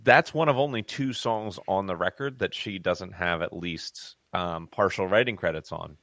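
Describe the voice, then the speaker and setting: A man's voice: low voice, moderate pace, a bit bright, dry recording. A man co-hosting a music podcast, talking casually and rambling with fillers and restarts. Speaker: podcast co-host. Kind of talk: casual music review chat.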